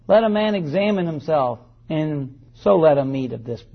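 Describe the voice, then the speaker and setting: A man with a high, husky voice preaches a sermon in church, reading scripture aloud and firing questions at the congregation for them to answer. The recording is dull and lo-fi. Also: lively intonation, normal speed, few pauses. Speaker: pastor. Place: church service.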